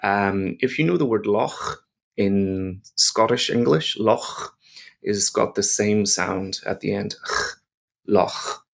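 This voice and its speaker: A male language teacher speaking at an unhurried pace, with a gravelly fry in his voice. He explains pronunciation patiently and models each sound for learners. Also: on the low side.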